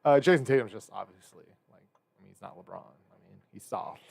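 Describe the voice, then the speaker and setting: Man, sports radio co-host, mid-pitched voice, dry close studio mic, rambling jokey talk. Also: expressive, creaky, darkish tone, no room sound. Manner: joking, rambling, quick to correct himself. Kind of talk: casual sports radio banter.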